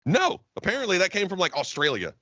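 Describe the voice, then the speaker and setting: Bright, lively American man ranting. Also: high-pitched, quick pace, no room sound, muffled recording. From United States. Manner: profane, rowdy ranting with laughter. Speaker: podcast co-host. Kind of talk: casual chat.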